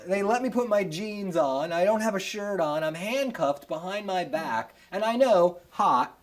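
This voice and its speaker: A man's voice: high-pitched, measured pace. Self-mocking man telling a story to a laughing crowd. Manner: animated, self-mocking, chatty with many "you know"s. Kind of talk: live personal storytelling on stage. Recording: live audience laughter audible.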